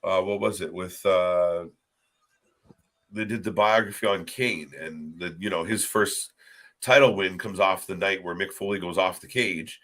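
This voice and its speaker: A man with a fairly low voice rambling through wrestling talk as a stream co-host. He trips over his words and gets worked up in casual chat. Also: fairly even intonation, unhurried, fairly bright tone.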